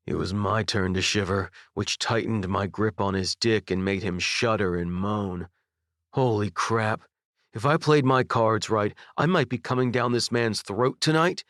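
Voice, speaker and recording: A young man narrating a first-person audiobook with intimate, expressive storytelling. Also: lowish voice, unhurried, no room sound, clean studio sound. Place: dry recording booth. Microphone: studio microphone.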